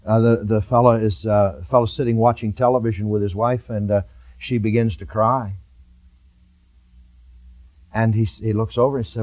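A man's voice: fairly low pitch, mellow, dry recording. A man preaching a sermon to his church with rising fervor, repeated phrases and folksy asides. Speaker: pastor.

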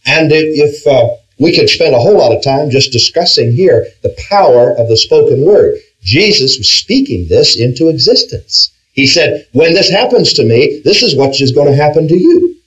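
Animated man leading a Bible class. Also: a little high, normal speed, few pauses, rough recording. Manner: questioning, emphatic, with frequent restarts and "all right". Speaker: Bible study teacher. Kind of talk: interactive Bible class teaching.

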